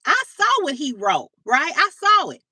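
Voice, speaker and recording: A woman hosting a livestream, telling a story to her chat in a blunt, animated way, swearing freely and greeting viewers by name. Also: high-pitched, a little slow, dry recording. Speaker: livestream host. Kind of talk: casual storytelling to live chat. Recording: dry, slightly distant mic.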